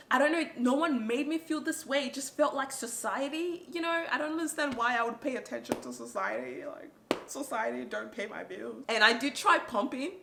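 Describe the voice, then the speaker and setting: A woman from Nigeria in her thirties, telling a candid, animated personal story in a vlog, laughing and swearing freely. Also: high-pitched, vocal fry, echoey room. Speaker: vlogger.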